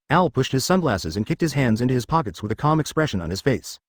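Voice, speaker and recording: A man reading a fan fiction story aloud in an even, flat cadence. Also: mid-range voice, quick pace, hardly any pauses, no echo, studio quality. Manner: reads page artifacts and sound words flatly, even cadence. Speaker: narrator.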